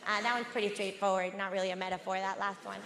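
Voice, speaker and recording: A woman performing a stand-up routine on a theatre stage, deadpan and self-mocking, breaking into sudden squeals. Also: medium pitch, fast. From Latin American family background. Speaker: stand-up comedian. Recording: echoey theatre hall, loud noise.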